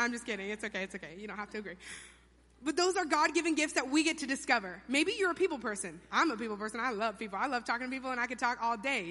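A young woman preaches with a high, bright voice, chatty and playful, slipping into funny voices for quotes. Her words ring out with a long reverb from the church hall. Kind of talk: sermon. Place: church sanctuary.

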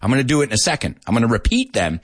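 A husky-voiced man leads a lively English lesson, his pitch swinging up and down as he jokes with his students. He spells words letter by letter and drops in Spanish translations, sounding a little out of breath from talking fast. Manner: energetic, joking, mixes in Spanish translations. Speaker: English teacher. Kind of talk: live-stream English lesson.

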